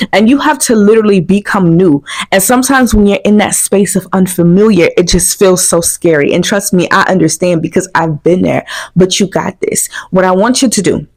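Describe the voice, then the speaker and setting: A woman's voice: mid-range voice, a little mellow. A young adult woman coaching viewers in an earnest, encouraging motivational talk, repeating her points for emphasis. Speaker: self-trust coach.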